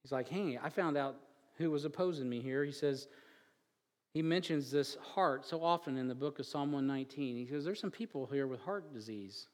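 A man preaching a sermon, moving from quiet joking asides with chuckles to loud, emphatic build-ups. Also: medium pitch, normal speed, in a large hall. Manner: chuckles and jokes between scripture readings. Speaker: pastor.

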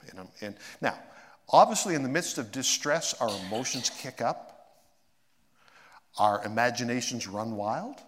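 A man delivers a sermon as a personal story, his mid-range voice rising when excited and dropping to a hush at tender moments. His words ring out with the long reverb of a large church hall. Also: mid-range voice, unhurried, long pauses. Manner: personal storytelling, swinging from excited to hushed and emotional. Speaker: pastor.

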